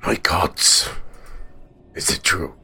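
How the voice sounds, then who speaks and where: Slow, raspy, gravelly man in character. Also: rumbling low, pushed and bright. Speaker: player. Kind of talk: in-character play.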